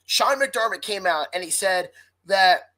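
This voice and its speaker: A woman's voice: mid-range voice, expressive, a little slow, a bit bright, low-quality recording. A woman co-hosting a sports podcast, ranting hotly and swearing freely in casual talk. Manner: heated, profane ranting. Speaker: podcast co-host.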